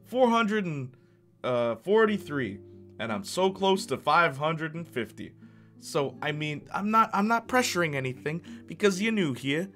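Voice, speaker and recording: Young male streamer, lively and bright-toned, chatty, stumbles over repeated words, faint music underneath. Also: on the high side, moderate pace. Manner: laughs often between remarks. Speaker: live streamer. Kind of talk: casual live-stream chat.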